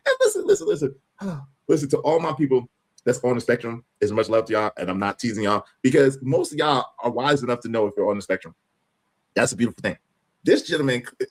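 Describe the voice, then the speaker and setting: A man hosting a live stream, reacting to a clip with loud, mocking commentary. He laughs often and repeats phrases for emphasis. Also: on the high side, vocal fry, slightly rough. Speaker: livestream host.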